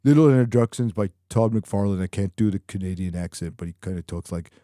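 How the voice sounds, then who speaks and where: This man's voice is on the low side and warm, and he talks a little fast. Hosting a live show, he rambles casually through viewers' chat questions, profane and joking throughout, in a dry, studio-quality recording.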